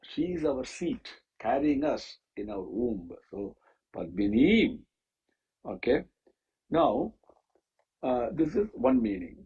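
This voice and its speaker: A man teaching the meaning of a Sanskrit hymn, pausing often with fillers and restarts. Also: medium pitch, sing-song, dark tone, husky, highs cut off. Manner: halting, with many fillers and restarts. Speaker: scripture teacher. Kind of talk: explaining a Sanskrit hymn with stories.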